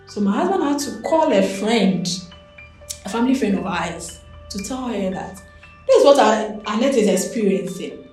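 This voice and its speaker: Young Ghanaian woman, candid personal storytelling, animated delivery, very roomy echo, faint music underneath. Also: medium pitch, normal speed. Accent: Ghanaian English. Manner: animated, expressive storytelling with many fillers. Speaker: interview guest.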